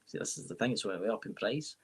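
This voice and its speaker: A man's voice: fairly low pitch, animated, quick pace. A Scottish man, a tarot reader and paranormal podcaster, talking in a rambling way on a live-stream interview and often saying "right?". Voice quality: gravelly, husky. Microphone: live-stream mic.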